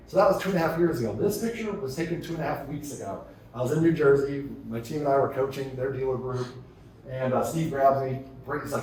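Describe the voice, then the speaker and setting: A man's voice: medium pitch, fast, slight background noise. A man giving a live talk to an audience, telling stories and firing off rhetorical questions. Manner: energetic storytelling with rhetorical questions. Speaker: keynote speaker. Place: large conference hall. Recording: echoey hall, distant mic.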